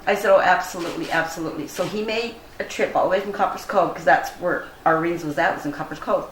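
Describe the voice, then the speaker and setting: An older woman telling a personal story in an interview, earnest and animated, acting out the dialogue she quotes. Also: lowish voice, brisk. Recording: roomy echo, faint ambient noise.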